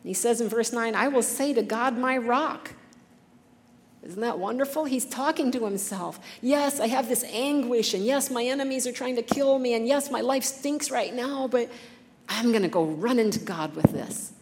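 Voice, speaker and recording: A woman's voice: on the high side, moderate pace, a little mellow, big-room sound. A woman giving an earnest, conversational devotional talk, reading scripture passages with feeling.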